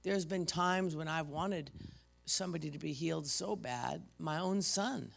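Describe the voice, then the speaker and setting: Woman, pastor, sermon, gravelly fry, conversational storytelling, drops to a hush at times. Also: sits low, a little slow, a little hiss or hum. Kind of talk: sermon with personal testimony.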